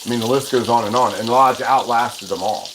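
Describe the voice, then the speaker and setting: A man talks loosely as he cooks, drifting from thought to thought and starting over often. His home kitchen is noisy, with a frying pan sizzling clearly behind him. His pitch is ordinary for a man. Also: a little fast. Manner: rambling and chatty, with many restarts. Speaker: host of a cooking livestream. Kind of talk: casual chat while cooking and reading viewer comments. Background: sizzling pan and running water.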